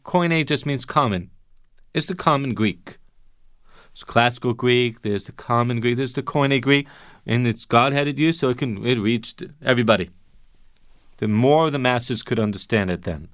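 A man's voice: medium pitch, fairly bright tone, clean tone, no room sound. Brief: male Bible teacher, resonant and dry, emphatic and patient. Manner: emphatic, drawn-out stresses on key words; patient step-by-step explaining.

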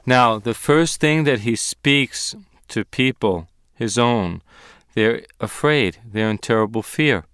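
A man's voice: medium pitch, slow pace, fairly bright tone, clear, resonant tone, no echo, clean studio sound. Earnest man teaching scripture. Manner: earnest, emphatic, repeats verses in English and Hebrew. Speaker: ministry teacher. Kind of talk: Bible teaching broadcast.

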